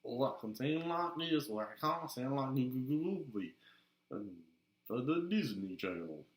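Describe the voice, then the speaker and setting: A man's voice: mid-range voice, very animated, unhurried, voice pushed up. A man putting on a dopey, goofy cartoon voice, recorded with a roomy echo.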